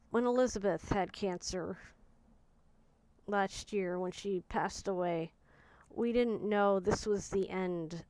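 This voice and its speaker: A woman in her forties with a smooth, resonant voice speaks in a personal reflective monologue. She talks softly and searchingly, often stopping to restart a thought. The sound is close and dry, with no room echo. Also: mid-range voice. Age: 40s. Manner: soft, searching, halting speech with frequent restarts. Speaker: vlogger.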